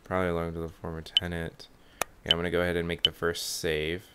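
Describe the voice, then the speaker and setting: A man's voice: deep voice, monotone, quick pace, very noisy. Casual man narrating a game. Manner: casual, thinking aloud. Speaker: let's player. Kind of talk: gaming commentary.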